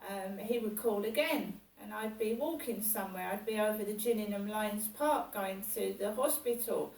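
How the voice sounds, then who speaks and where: A woman telling a personal story in a rambling, halting way, full of fillers and restarts. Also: mid-range voice, darkish tone, slight background noise. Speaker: vlogger. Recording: roomy sound from a distance.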